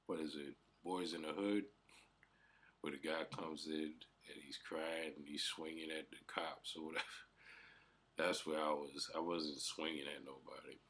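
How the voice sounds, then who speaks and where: Very deep husky-voiced man telling his story. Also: fairly even intonation, unhurried, fairly bright tone. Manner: rambling, emotional, lots of fillers and slang. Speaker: aspiring rapper and podcast host. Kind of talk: casual storytelling monologue.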